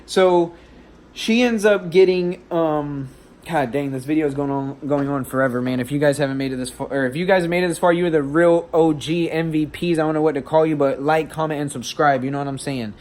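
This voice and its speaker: A man's voice: on the high side, steady tone, brisk, a little mellow. A man telling a personal story in a casual vlog, shaken and emotional, with many restarts and fillers. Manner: rambling, with frequent restarts and fillers. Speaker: vlogger and stepdad.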